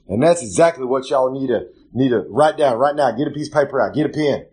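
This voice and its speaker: Rowdy wrestler type, husky voice, loose rambling monologue about himself. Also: male voice, mid-range voice, a little fast, hardly any pauses, a little mellow. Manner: loose, rowdy, refers to himself in third person. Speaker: wrestler hosting a recurring podcast segment. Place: home kitchen.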